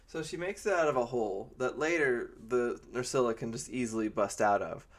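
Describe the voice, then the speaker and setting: Man reviewing a movie, sarcastic, rambling delivery, mid-pitched voice. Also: brisk, few pauses. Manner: sarcastic, rambling, with mocking put-on quotes. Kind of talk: casual spoken movie review.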